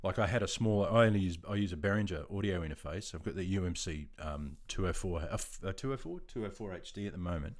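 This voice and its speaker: A man in his fifties with an Australian accent, hosting a livestream and chatting casually with viewers. He is relaxed and self-deprecating, and he keeps calling people mate. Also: sits low, fast, few pauses. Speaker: livestream host. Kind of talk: casual livestream chat answering viewer comments.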